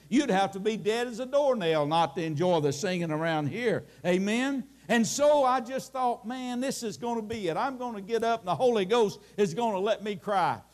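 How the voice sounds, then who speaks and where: A man, preaching a folksy sermon and quoting scripture. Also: high voice. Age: late 60s. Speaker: pastor.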